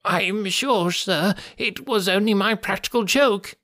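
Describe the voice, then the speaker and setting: A man's voice: sits high, a little slow, sharp tone, no room sound, studio quality, voice pushed up. A man voicing a cowering, wizened little old man who whimpers uneasily. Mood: whimpering.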